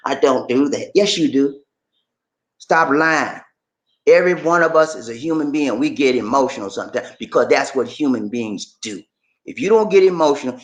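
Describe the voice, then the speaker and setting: A man's voice: sits high, fairly bright tone. A man giving relationship advice to camera in an emphatic, preachy way, repeating himself and often calling his listeners "man". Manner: emphatic, repetitive, keeps saying "man". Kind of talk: preachy motivational talk to camera.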